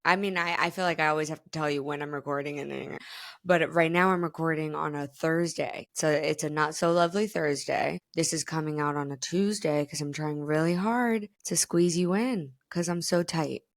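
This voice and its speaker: A woman's voice: low-pitched, normal speed. A woman in her late twenties from South Florida, hosting her own podcast in candid, profane, chatty talk full of fillers. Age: late 20s. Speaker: podcast host. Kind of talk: casual solo podcast chat.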